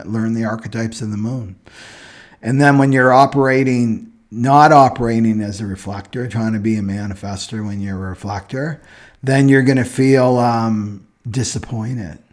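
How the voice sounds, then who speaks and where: A man's voice: mid-range voice, darkish tone. A man hosting a casual livestream on astrology, talking loosely and ending many points with "right?".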